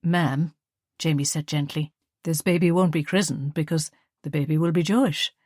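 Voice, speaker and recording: A woman voicing a gentle young Irish husband who speaks plainly and firmly. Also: deep voice, normal speed, no echo, clean studio sound. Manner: gentle, turns firm.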